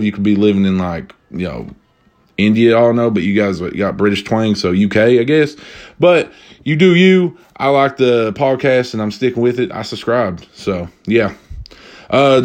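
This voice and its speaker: A young man talks alone into the mic for his podcast, loose and slangy, circling back on his own phrases. He rambles easily from one thought to the next with a drink close by. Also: medium pitch. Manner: drinking while talking. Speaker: podcast host. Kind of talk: casual solo podcast chat.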